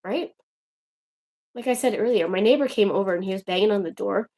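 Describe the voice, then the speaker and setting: A woman's voice: mid-range voice, a little fast, warm tone. A young woman hosting a casual livestream, chatting to viewers in a rambling, exasperated way. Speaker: livestream host.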